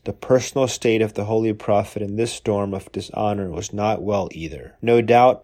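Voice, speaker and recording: A man reading a religious biography aloud in a measured, formal way. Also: lowish voice, mellow.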